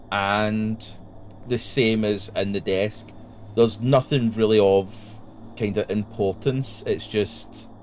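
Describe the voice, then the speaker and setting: Slow-talking man running a game. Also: on the low side, darkish tone, low-quality recording. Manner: slow, unhurried narration with fillers. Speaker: game master. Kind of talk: narrating a tabletop game.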